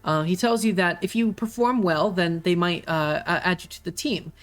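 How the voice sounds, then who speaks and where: A game master narrating a tabletop game, halting often with uhs and ums. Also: medium pitch. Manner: halting, filled with many uhs.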